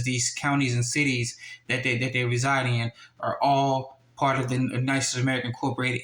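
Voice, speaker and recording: A man's voice: medium pitch, fairly bright tone, echoey room. A man giving casual screen-share commentary, insistent, repeating "all right?" and reading web addresses aloud as he talks into a handheld camera. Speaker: online news commentator. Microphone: handheld camera or phone.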